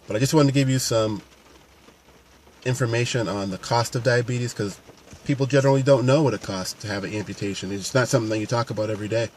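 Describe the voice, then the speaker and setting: A man's voice: mid-range voice, fast talker, slight background noise. A man, a paramedic and fitness coach, talking earnestly and unscripted to camera with frequent restarts. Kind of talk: casual talk to camera.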